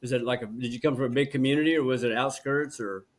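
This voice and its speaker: Oklahoma interviewer, easy laughing host. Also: male voice, medium pitch, steady tone, fast. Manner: friendly, laughs easily, many short acknowledgements. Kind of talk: casual interview chat.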